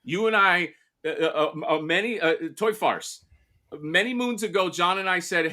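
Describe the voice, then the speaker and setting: A man co-hosting a casual podcast, excitable, swearing and laughing often. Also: high-pitched, normal speed. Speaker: co-host.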